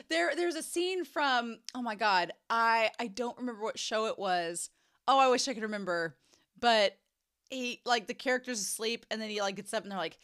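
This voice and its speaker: A young woman giving casual reaction commentary on a story, chatty and animated, often acting out the characters' lines. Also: fairly high pitch, moderate pace. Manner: chatty, animated, lots of "like", acts out quoted lines.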